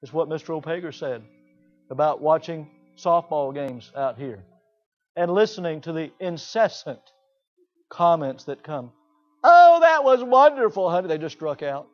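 A man preaching a sermon in an animated way, often mimicking the people he talks about. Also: on the high side, unhurried, lo-fi sound, soft background music. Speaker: pastor.

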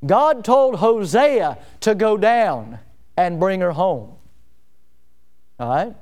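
Pastor guy preaching a sermon in church, kinda high voice, repeats himself, gets loud then drops way down. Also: sing-song, slow. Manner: emphatic preaching, repeating key phrases, swelling to loud peaks then dropping low. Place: church, before the congregation.

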